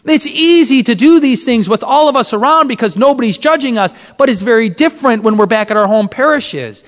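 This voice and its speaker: A male priest delivering an impassioned sermon to men, his high voice leaping up and dropping low again. The sound carries a long hall reverb. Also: animated, a little fast. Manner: impassioned, with dramatic swings of pitch and volume. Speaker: Catholic priest. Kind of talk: sermon at a men's retreat.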